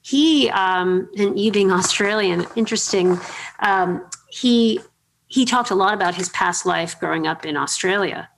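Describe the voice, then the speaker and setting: A woman's voice: mid-range voice, a little slow, creaky, slight background noise. Chatty middle-aged woman hosting. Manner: chatty, animated anecdotes with many fillers. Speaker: podcast host. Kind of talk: casual storytelling interview.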